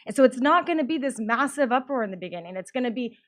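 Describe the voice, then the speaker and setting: A woman's voice: high-pitched, animated, quick pace. A woman making a practical, persuasive public comment at a school board meeting. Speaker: parent speaking at public comment.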